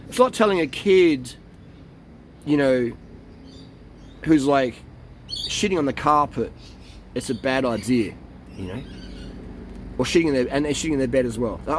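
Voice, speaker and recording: Man, middle-pitched, with a faint hum of passing vehicles; blunt, profane coach ranting casually to camera. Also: expressive, moderate pace, long pauses. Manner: jumps into mocking impressions of others. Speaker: cycling coach and vlogger.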